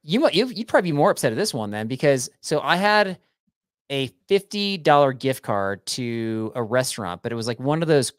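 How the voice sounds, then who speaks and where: A man's voice: mid-range voice, big pitch swings, no room sound, clean studio sound. Wry man co-hosting a podcast. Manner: wry, teasing, quick reactions. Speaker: podcast co-host. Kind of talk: casual podcast chat.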